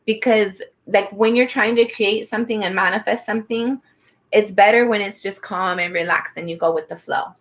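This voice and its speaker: A woman reading tarot cards in a loose, rambling way, often circling back to calm the listener. Her pitch sits in an ordinary middle range for a woman. She talks with many "like" fillers and a soothing, reassuring manner. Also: normal speed. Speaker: tarot reader. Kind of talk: casual spoken tarot reading.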